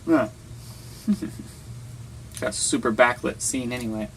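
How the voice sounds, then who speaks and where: A man's voice: medium pitch, steady tone, unhurried, poor audio. A man in his thirties, a dad chatting playfully with his young daughter while filming an outdoor vlog. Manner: playful, laughing, talks to camera. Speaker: vlogger dad. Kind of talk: casual vlog chat with his child. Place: outdoors at a park and parking lot. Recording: outdoor vlog with clear background noise.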